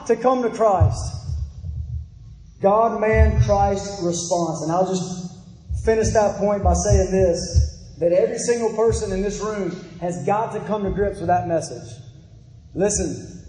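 A high-voiced man preaches a sermon, pressing his points home and repeating key phrases to the congregation. His tone is mellow and warm rather than sharp. The sound carries the long, echoing reverb of a big hall. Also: moderate pace. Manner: emphatic, repeats phrases, addresses the congregation directly. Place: church hall.

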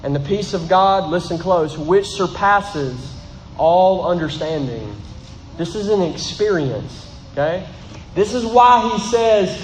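High-pitched male pastor, emphatic sermon delivery, roomy echoing hall, faint room hum. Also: unhurried. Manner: emphatic preaching with repeated phrases and rising bursts. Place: large room with congregation.

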